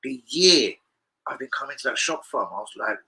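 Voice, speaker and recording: With a bright, forceful, medium-pitched voice, this young football fan channel host speaks at a moderate pace and sounds animated. On his casual live-stream chat he wanders through stories laced with slang and profanity, and the recording is rough.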